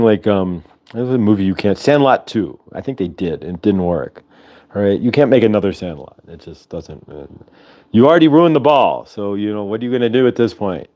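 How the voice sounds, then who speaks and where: A man hosting a casual livestream, chatting in a rambling way over a video call. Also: dull audio. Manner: rambling, chatty, lively pitch swings. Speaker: host.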